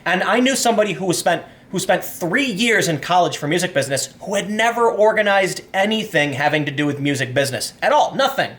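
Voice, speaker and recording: A young man hosting an opinionated commentary monologue, animated and acting out the people in his stories, then reading news quotes aloud. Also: high-pitched, brisk, few pauses. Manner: reads news quotes aloud between rants. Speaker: commentary host.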